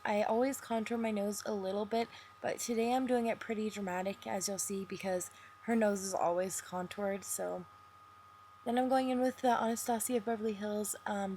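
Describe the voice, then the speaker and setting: A young beauty vlogger in a makeup tutorial voice-over, walking through each step. She keeps a chatty manner but talks deliberately slowly. Her voice sits at an ordinary middle pitch. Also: steady tone, a little mellow, a little hiss or hum.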